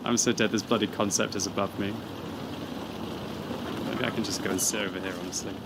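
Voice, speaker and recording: A man, chatting and laughing through live gaming stream commentary, with excitable outbursts. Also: on the low side, brisk, background noise. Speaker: game streamer.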